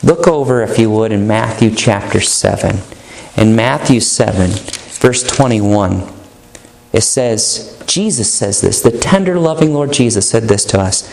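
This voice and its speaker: A man's voice: medium pitch, expressive, moderate pace, vocal fry, darkish tone. A male pastor preaching a sermon in an earnest, emphatic manner, stretching out key words. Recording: echoey room.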